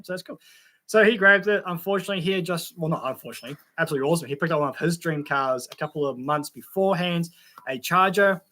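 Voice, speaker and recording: Quick-paced and sharp-toned, an Australian man with a slightly high voice hosts a relaxed livestream. He reads comments from the chat and tells meandering tales about cars.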